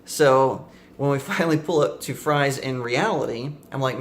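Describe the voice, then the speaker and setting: A man's voice: mid-range voice, normal speed, slight background noise. Young male vlogger, casual storyteller who meanders and corrects himself, mid-range voice. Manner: rambling, many fillers and self-corrections.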